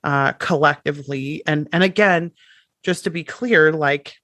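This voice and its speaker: A woman's voice: low-pitched, measured pace, fairly bright tone, no room sound, clean studio sound. A woman, a writing coach, talking as a guest on a podcast in an emphatic way, repeating words for stress. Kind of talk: conversational podcast interview.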